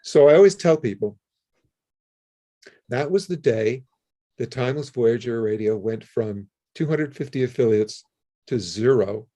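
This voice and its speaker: A man's voice: medium pitch, measured pace, pauses often. Older man telling a story animatedly. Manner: animated, acts out his own and others' phone calls. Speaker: interview guest. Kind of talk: casual storytelling.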